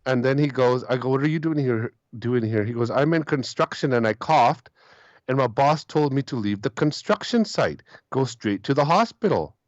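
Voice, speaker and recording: A man's voice: medium pitch, lively intonation, normal speed, no room sound. A male caller tells a rambling, repeating story on a phone-in show. The line sounds dull and dry, with no room around it. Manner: rambling, repeats himself, quotes others.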